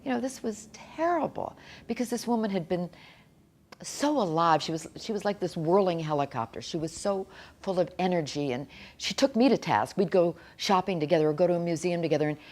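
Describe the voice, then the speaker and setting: A middle-aged woman giving an earnest, halting personal account in an interview, often restarting her sentences. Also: fairly low pitch, a little mellow. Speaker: author interviewee.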